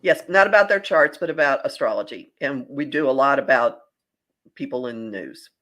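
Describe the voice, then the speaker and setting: A woman co-hosting a talk show as an astrologer, giving measured, matter-of-fact commentary. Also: rumbling low, lively intonation, a bit bright. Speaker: astrologer co-host. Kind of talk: casual chat.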